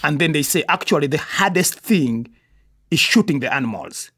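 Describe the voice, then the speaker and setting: A man from Africa hosting a casual, joking chat, animated and often breaking into laughter mid-sentence. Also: a little high, moderate pace, husky, no echo, studio quality. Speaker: host.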